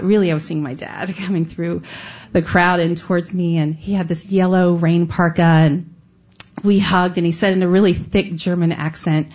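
A woman's voice: fairly low pitch, darkish tone. A middle-aged woman from the United States telling a heartfelt personal story on stage, earnest with light laughs. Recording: dull lo-fi sound.

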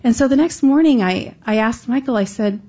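A woman's voice: a little high, brisk, mellow, highs cut off. A woman from Texas telling a true personal story in an earnest, conversational way, now and then breaking into a laugh. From Austin, Texas, USA.

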